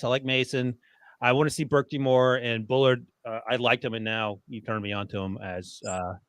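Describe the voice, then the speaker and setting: A man co-hosting a podcast, talking fast and teasing his co-host with frequent laughs. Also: mid-range voice, fairly bright tone, no echo. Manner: quick, laughs often, teasing. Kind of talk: casual sports chat.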